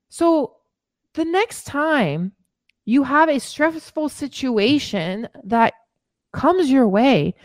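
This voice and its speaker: Woman fitness coach, motivational podcast, high animated voice, dry close mic. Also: no echo. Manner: emphatic, repeats phrases for stress.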